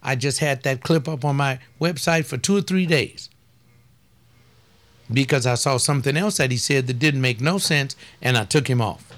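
A man who is a pastor and talk host speaks in a blunt, folksy way, like casual preaching. His voice sits at an ordinary middle pitch. He leans hard on key words and stretches them out for emphasis. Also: normal speed, fairly bright tone.

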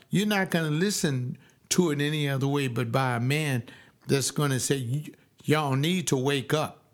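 A man, middle-aged or older, giving impassioned commentary as he reads and reacts to a historical text, emphatic and repetitive with loud rising outbursts. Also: medium pitch.

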